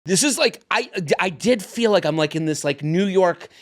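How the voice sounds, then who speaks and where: A man's voice: high-pitched, moderate pace, dry recording, studio quality. A man co-hosting a podcast, telling a story in casual chat and acting out what people said. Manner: animated storytelling, acts out quotes loudly. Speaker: podcast co-host.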